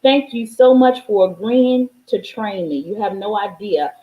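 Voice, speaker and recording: A woman preaches about nature and spirit in a fervent, profane monologue, fighting back tears. Her mid-pitched voice rings out in a room with a lot of echo. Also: expressive, unhurried, dark tone. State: near tears. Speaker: spiritual vlogger. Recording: echoey room.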